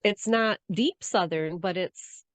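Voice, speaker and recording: A woman's voice: fairly low pitch, slow pace, no room sound. A woman co-hosting a casual chat podcast from the United States, rambling and restarting her sentences. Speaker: podcast co-host.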